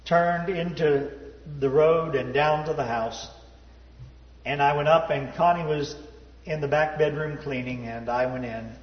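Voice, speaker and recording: A man telling a personal story in a sermon, folksy and self-deprecating, dropping to a low hush at the sad parts. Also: measured pace. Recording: roomy hall reverb, dull sound.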